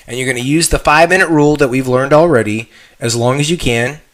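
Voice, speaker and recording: A man teaching an online fitness lesson in a direct coaching manner, often checking in with "okay?" and jumping up in pitch on emphatic questions. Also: fast talker. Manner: animated, voice jumps up on emphatic questions.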